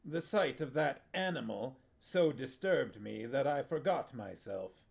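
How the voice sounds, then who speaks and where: A man's voice: mid-range voice, expressive, unhurried, gravelly. A man reading aloud, voicing an indignant, blustering foreign envoy in a fantasy story with a raised, protesting delivery. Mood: apologetic.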